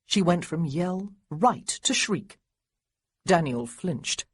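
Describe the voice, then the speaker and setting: A woman narrating a historical romance audiobook in an expressive way, lightly voicing the characters. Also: fairly low pitch, slow, breathy edge, no echo. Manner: expressive, voices the boys lightly. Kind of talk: scripted narration.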